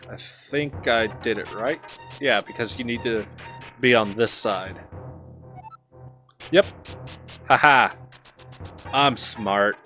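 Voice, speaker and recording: A man's voice: mid-range voice, takes it slowly, long pauses, pushed and bright, faint music behind. A man chatting casually while playing a video game, giggly and self-mocking as he talks. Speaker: let's play host. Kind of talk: casual gameplay commentary.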